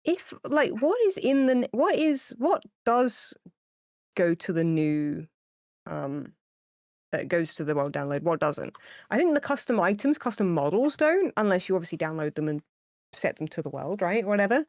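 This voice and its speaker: A woman with a fairly low, darkish voice speaks at a moderate pace and sounds very animated, captured in a dry, clean studio recording. She chats with viewers while streaming a game, rambling and filling her speech with fillers, camera off and on a streaming mic. She gets teary while gushing about cute pets.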